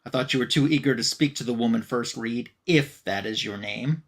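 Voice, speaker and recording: Man, podcast co-host, casual comic recap, relaxed delivery, lots of fillers, mid-pitched voice. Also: a little fast. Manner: retells scenes by reading out dialogue with "she's like".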